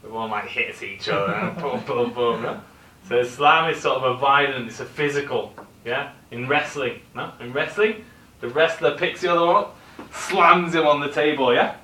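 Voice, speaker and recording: Teacher with frequent "no?" checks. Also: male voice, medium pitch, normal speed, sharp tone, a little hiss or hum. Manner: explaining, checks in with tag questions. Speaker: English teacher. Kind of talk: classroom lesson. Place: classroom. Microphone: recorder at a distance. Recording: echoey room recording from far off.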